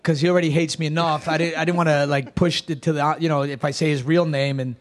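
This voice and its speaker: A man's voice: on the high side, fairly even intonation, fast. A man, a guest in an interview, telling stories in a rambling, self-mocking way with many restarts. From Queens, New York. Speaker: guest, comedic performer. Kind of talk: casual interview talk.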